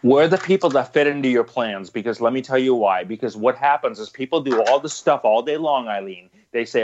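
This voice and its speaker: A man's voice: medium pitch, lively intonation, fairly quick, hardly any pauses. Emphatic man with muffled sound. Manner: emphatic, repeats phrases and restarts often. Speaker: guest, business owner. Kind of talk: interview answers.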